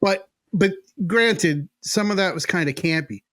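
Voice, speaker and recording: A radio host who grew up in New Jersey chats about bands with real enthusiasm. His voice sits slightly high, and the sound is dry and close. He often cuts in with his own stories. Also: a little slow, fairly bright tone, no echo. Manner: enthusiastic storyteller, talks over others. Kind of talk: casual chat.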